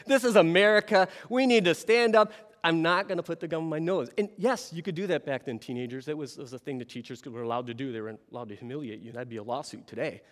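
A man telling a story to an audience in an animated way, often turning to ask the listeners questions. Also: fairly high pitch, fast, big-room sound. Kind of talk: storytelling talk.

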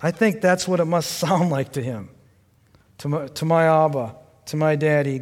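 A man's voice: a little high, normal speed. An older man preaching a sermon, telling a personal family story in a conversational way and addressing the congregation directly. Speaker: pastor. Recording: long hall reverb.

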